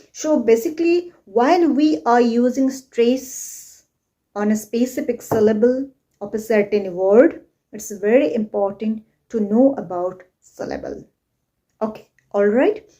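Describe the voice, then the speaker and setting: A young woman teaching English, explaining slowly and repeating points while checking that the learners follow. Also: a little high, warm tone. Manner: slow, repetitive explaining, checks understanding. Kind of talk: spoken English lesson.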